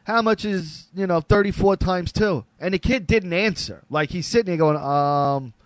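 A man's voice: high voice, moderate pace, dry recording. A man in casual chat, bluntly telling stories and swearing a lot. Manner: blunt, profane, animated storytelling.

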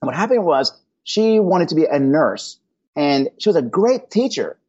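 A man's voice: on the high side, very animated, moderate pace, warm tone, breathy edge, highs cut off. A man answering podcast interview questions, telling personal stories in an earnest, preacherly way. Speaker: guest.

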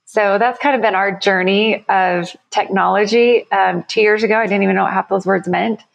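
A woman company founder, guest on an interview, explaining her work energetically with quick everyday examples. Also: medium pitch, steady tone, vocal fry, rough recording. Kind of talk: conversational interview.

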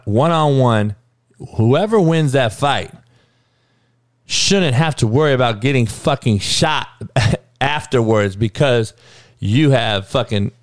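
A man's voice: medium pitch, dry recording, studio quality. A man hosting a sports podcast, ranting in a heated, profane, rambling way and often calling listeners dog. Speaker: podcast host. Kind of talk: casual sports rant.

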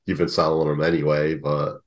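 A man's voice: extremely low pitch, little pitch movement, brisk. A man hosting a podcast, chatting casually and laughing often. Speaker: podcast host. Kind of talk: casual chat.

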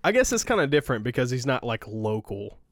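A man's voice: mid-range voice, very animated, quick pace, no echo, clean studio sound. A man in casual podcast chat, hesitant, reacting to others and asking questions.

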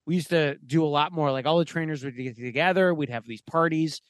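A podcast co-host with a slightly high voice talks a little fast, recorded with no echo. He tells a rambling, casual story laced with profanity and packed with "like" fillers.

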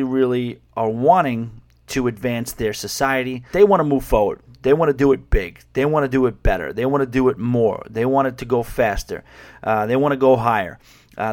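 A man hosting a travel podcast, talking casually and with animation about a cruise stop, slipping in playful quoted asides. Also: mid-range voice. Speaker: podcast host.

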